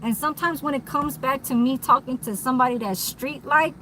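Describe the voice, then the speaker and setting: Woman vlogger, bright and slightly high voice, rambling and blunt with frequent swearing, faint vehicle hum behind. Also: fairly quick, rough recording. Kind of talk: candid unscripted monologue.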